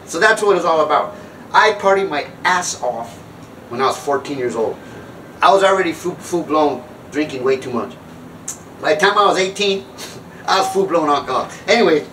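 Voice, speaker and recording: A man's voice: fairly high pitch, expressive, moderate pace, fairly bright tone, far from the mic, a little hiss or hum, rough recording. Rambling older man telling a comic tale. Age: 60s. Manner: rambling, self-mocking, jumps back and restarts. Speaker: comedic speaker on sobriety. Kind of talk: comedic storytelling monologue.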